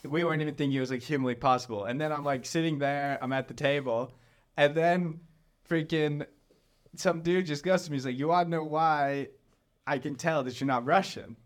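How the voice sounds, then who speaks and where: A man's voice: on the high side, fairly quick. A young man casually telling a story in a chat, rambling and filling it with "like" as he retells what happened. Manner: rambling, lots of "like", animated retelling. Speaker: storyteller guest.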